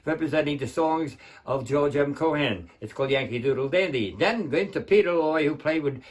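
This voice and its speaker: A man's voice: fairly high pitch, normal speed. An older man chatting in a rambling way between impressions at an online open mic, recorded on a home webcam. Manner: rambling, chatty, self-interrupting.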